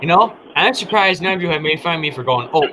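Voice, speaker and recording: A man's voice: fairly high pitch, expressive, fast, noisy background. A man with a Michigan accent, joking and teasing in a casual group chat.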